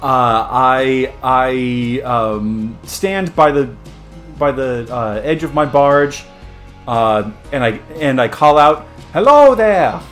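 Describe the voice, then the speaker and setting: A man's voice: medium pitch, slow, a bit bright, faint music behind. A man playing in a comedic tabletop game on a podcast, talking in a rambling, hesitant way with many fillers. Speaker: player. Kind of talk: casual podcast chat and role-play.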